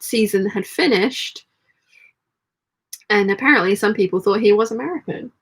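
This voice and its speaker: A woman's voice: mid-range voice, fairly bright tone, husky. A woman hosting a sewing live stream, reading viewer comments aloud and chatting back casually as she sews. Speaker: sewing channel host.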